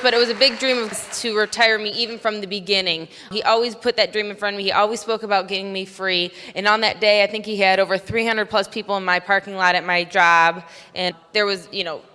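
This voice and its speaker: A woman's voice: medium pitch, pushed and bright. A woman giving an earnest motivational talk on stage, telling stories and quoting others as she goes. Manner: earnest, storytelling, quotes others in her own voice. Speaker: speaker at a business convention. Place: stage in a large venue. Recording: large hall with long reverb.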